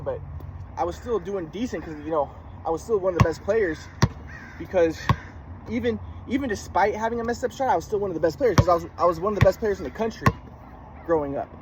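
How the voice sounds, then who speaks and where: A man with a slightly high voice tells a casual, rambling story, repeating words and restarting sentences as he acts out the moves. Clear background noise sits under his voice throughout. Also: animated, fast. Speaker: storyteller recounting his youth. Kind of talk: casual monologue with demonstrations.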